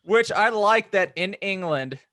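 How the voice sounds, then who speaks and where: Chatty male co-host, high and bright. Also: lively intonation, measured pace, no room sound, clean studio sound. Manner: chatty, loose, filler-heavy. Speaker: podcast co-host. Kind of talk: casual chat.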